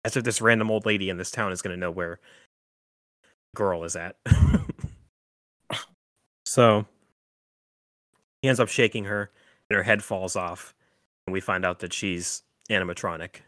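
A man's voice: low voice, steady tone, moderate pace, long pauses, pushed and bright, dry recording. A man hosting a podcast, recapping a horror film in casual chat, full of "like" and "um". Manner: rambling, filler-heavy with frequent "like" and "um". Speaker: podcast host.

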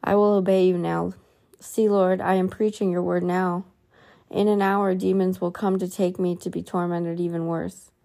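A woman's voice: on the low side, little pitch movement, normal speed, vocal fry, warm tone. A woman reading as a damned woman pleading. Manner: pleading, self-righteous. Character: bitter self-righteous damned woman pleading.

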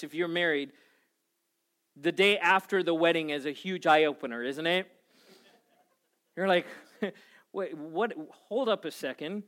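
A man in his forties preaching from the front of a church, his voice sitting a little high for a man. He tells his story in a lively, animated way, acting out his own panic before settling into calm scripture. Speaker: pastor. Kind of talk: sermon.

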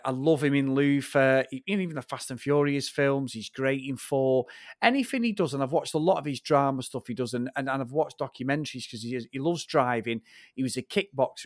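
A man's voice: medium pitch, no room sound, clean studio sound. Sweary man ranting about a film. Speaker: film review podcast co-host. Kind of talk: casual chat.

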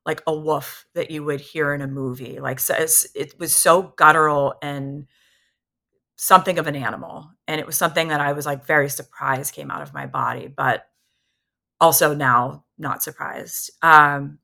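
Low-pitched, bright-toned woman telling her story. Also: moderate pace, creaky. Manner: candid, animated retelling that acts out what others said. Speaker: podcast guest. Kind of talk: personal storytelling in a conversation.

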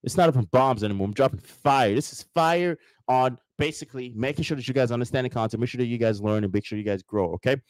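A man's voice: mid-range voice, quick pace, hardly any pauses, no echo. Emphatic man hosting a live motivational talk. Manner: emphatic, repetitive, addresses viewers directly. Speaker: host.

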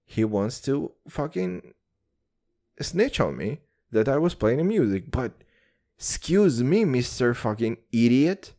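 Guy in his 20s ranting, swears every line, kinda high voice, says dude a lot. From Kazakhstan. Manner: profane, swears constantly, calls everyone dude; heated, animated, laughs at his own story. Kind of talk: casual storytelling rant.

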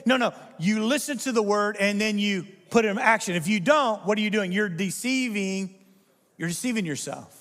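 A man's voice: sits high, expressive, moderate pace, a bit bright, long reverb tail. A male pastor preaching a sermon with emphatic delivery, firing rhetorical questions at the congregation.

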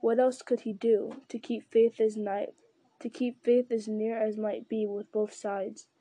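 A woman narrating a story in a steady, measured reading. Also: on the high side, dry recording. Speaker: audiobook narrator. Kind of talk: scripted narration.

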